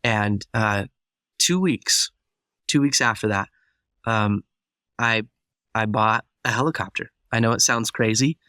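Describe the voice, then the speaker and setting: A man's voice: lowish voice, unhurried, pauses often, pushed and bright, clear, resonant tone, no echo. A man telling a personal story as a podcast guest, acting out the dialogue vividly. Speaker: guest speaker.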